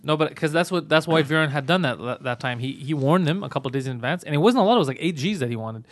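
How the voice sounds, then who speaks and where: Fast-talking animated man in casual chat. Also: fairly high pitch, no room sound. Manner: animated, profane storytelling with acted-out quotes. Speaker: storyteller in group chat.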